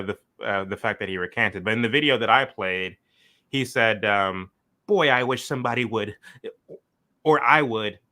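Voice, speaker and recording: A man's voice: fairly low pitch, bright, forceful tone, clear, resonant tone. A man hosting a casual political talk show, sarcastic at times and fumbling with fillers. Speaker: host.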